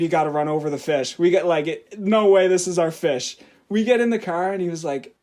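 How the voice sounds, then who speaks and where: A young adult man, a podcast co-host telling a story in a casual, animated way, often laughing and swearing as he talks. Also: a little high.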